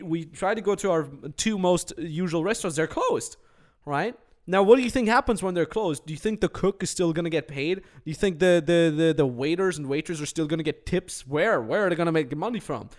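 A man co-hosting a business podcast in casual, energetic chat, with jokey asides. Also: sits high, brisk. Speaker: podcast co-host.

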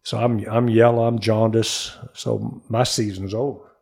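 An older man, a former pro baseball player, telling lively stories as a studio interview guest and acting out the quotes. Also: on the low side, unhurried, vocal fry. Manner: lively storyteller, acts out quotes. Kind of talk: animated storytelling in conversation.

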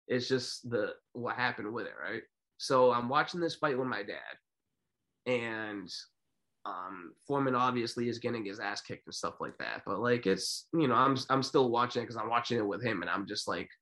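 A man co-hosting a casual podcast with a mid-range voice. He tells stories in a rambling, animated way, with lots of filler and many restarts. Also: medium pitch. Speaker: podcast co-host. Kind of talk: casual chat.

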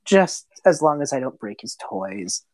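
A smug male inventor mage, put on by a woman running a tabletop game, praising his own genius. His voice sits low and deep. The sound is dry and close. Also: sing-song, measured pace, darkish tone, dry recording, heavily acted. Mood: breezy.

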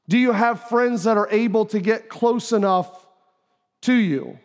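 Speaking at a measured pace in a high-pitched voice, a pastor delivers a conversational sermon in a church auditorium, dramatizing the voices he quotes. The live hall lends it a long reverb.

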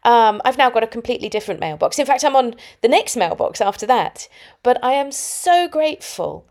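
A woman's voice: a little high, big pitch swings, brisk, a little mellow. A woman hosting her own podcast, telling personal stories in a reflective, anecdotal way from home. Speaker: podcast host. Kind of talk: solo podcast talk.

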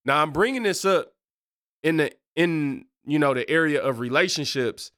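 A man's voice: a little high, expressive, moderate pace, a bit bright, no echo, clean studio sound. A married man hosting a casual faith podcast, talking in a loose, slangy way and wandering off on tangents. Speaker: podcast host.

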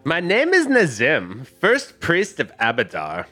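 A man voicing a shrewd, coin-loving male priest, speaking formally and bargaining in measured tones in a tabletop game. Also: on the high side, huge pitch swings, pushed and bright, soft background music, voice pushed up, full character voice. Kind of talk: tabletop role-play as a character.

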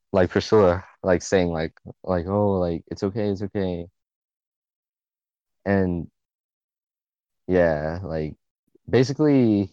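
A late-teen guy co-hosting a podcast tells an emotional story, rambling and swearing with filler words everywhere. His voice is low and warm, recorded with no room sound and the highs cut off.

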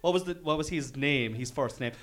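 A man's voice: medium pitch, a little fast, fairly bright tone. A young Irish man co-hosting a casual podcast chat, joking around and swearing freely. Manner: swears freely, jokey, slips into mock accents. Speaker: podcast co-host.

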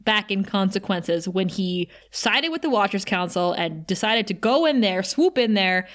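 A woman co-hosting a podcast, recapping an episode in casual chat with animated, giggly asides. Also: mid-range voice, moderate pace. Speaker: podcast co-host.

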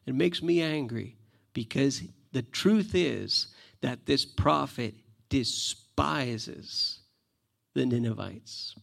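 A man's voice: mid-range voice, slow pace, creaky, a bit bright. A man preaching a sermon, emphatic and repeating phrases for stress.

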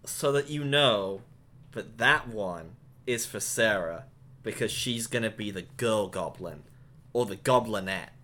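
A man co-hosting a podcast, his voice sitting a bit low. He sums things up in casual chat with a wry, sarcastic edge. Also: a little slow, sharp tone. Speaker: podcast co-host.

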